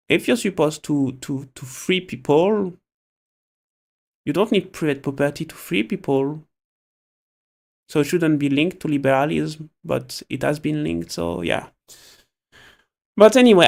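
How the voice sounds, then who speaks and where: Gravelly male streamer. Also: fairly high pitch. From France. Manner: rambling, profane, self-interrupting. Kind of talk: casual live-stream chat.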